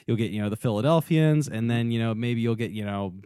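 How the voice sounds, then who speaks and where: A man with an ordinary voice who rambles off on tangents and pokes fun at himself. His chat is relaxed and loose. The sound is dry and close to the mic. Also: medium pitch, fast talker, smooth, dry recording. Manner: rambling, self-deprecating, goes off on tangents. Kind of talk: casual chat.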